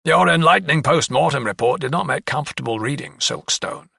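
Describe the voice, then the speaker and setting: A man's voice: a little high, fairly quick, gravelly, pushed and bright, distant mic, a little hiss or hum, pitched above the performer's own voice, full character voice. A man voicing a ruthless, scheming English lawyer who talks in a sneering, sardonic way.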